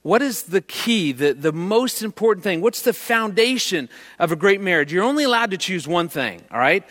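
A man's voice: sits high, moderate pace. A man giving a talk on marriage to a live audience, telling a family story and acting out the voices in it. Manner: animated, jokey, acts out his daughter's lines. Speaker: marriage speaker. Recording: long hall reverb.

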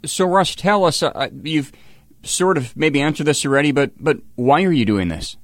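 A man's voice: a little high, expressive, normal speed, no echo, clean studio sound. Male interviewer with plain questions.

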